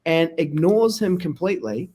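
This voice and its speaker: A man hosting a podcast interview tells stories animatedly in casual conversation, acting out the people he quotes. His voice is a little high and he speaks at normal speed.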